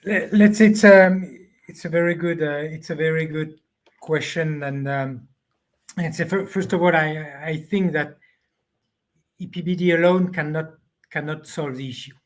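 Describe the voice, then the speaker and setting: Halting man on a panel call. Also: on the high side, steady tone. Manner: halting, searching for words. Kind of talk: online panel discussion.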